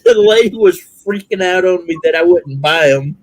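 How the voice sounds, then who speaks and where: A man's voice: high-pitched, normal speed, dry recording, poor audio. A man in a casual online group chat, telling an anecdote and acting out the other people's lines in a raised voice. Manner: animated storyteller who acts out quotes in a raised voice.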